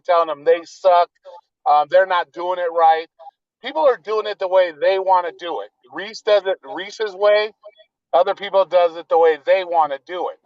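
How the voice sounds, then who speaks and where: A man calls in over a dull, dry remote line in a high voice. He confronts the host bluntly, with lots of swearing. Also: dry recording. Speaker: caller. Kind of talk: blunt call-in criticism. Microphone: remote call-in.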